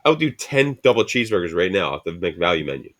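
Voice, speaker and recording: Deep-voiced and quick, this Canadian podcast host launches into a rambling, animated story. Constant swearing runs through his casual, profane storytelling.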